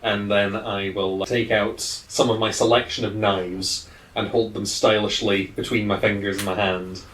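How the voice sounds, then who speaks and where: A man's voice: fairly low pitch, flat delivery, moderate pace, a bit bright, a little hiss or hum. A man playing a vampire in a tabletop role-playing game, with playful in-character lines. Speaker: player. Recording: roomy, distant mic.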